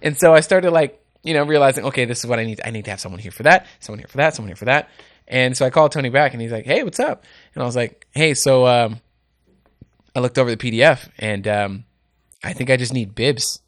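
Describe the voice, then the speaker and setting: A man on a studio microphone telling a casual story, animated and quick to laugh as he acts out the people he quotes. The room sound is dry and close. His pitch sits in an ordinary middle range. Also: no room sound. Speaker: radio host and race organizer. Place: indoor podcast studio.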